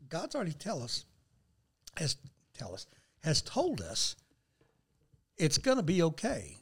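An older man appears as a guest on a faith talk show, speaking earnestly and with animation while quoting scripture. His voice is a little high and breathy at the edges, and he talks slowly with frequent pauses.

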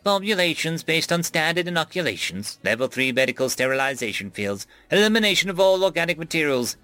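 A man voicing a calm, formal male AI ship core with flat, precise phrasing. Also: fairly high pitch, a little fast, no echo, pitched above the performer's own voice. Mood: measured.

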